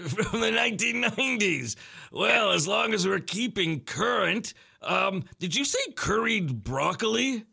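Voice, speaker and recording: A man's voice: sits high, animated, a little slow, gravelly, sharp tone, slightly rough. A man hosting a late-night comedy call-in radio show, dry and teasing with his callers. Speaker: radio host.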